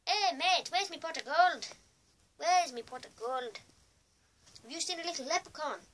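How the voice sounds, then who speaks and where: A man's voice: extremely high pitch, moderate pace, fairly bright tone, pitched above the performer's own voice. A boy voicing a comic man hunting a leprechaun, in an exaggerated, singsong way. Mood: silly.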